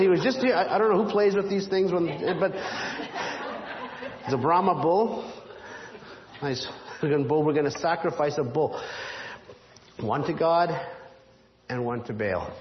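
A man leading a children's Bible lesson in a church hall, playful and quizzing the kids, chuckling often. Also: mid-range voice. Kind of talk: children's Bible story with props. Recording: echoey hall, dull lo-fi sound.

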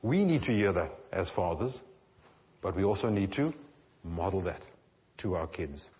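A man preaching a sermon as a pastor, earnest, his phrases often trailing off softly at the ends. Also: low voice, lively intonation, normal speed, dull audio.

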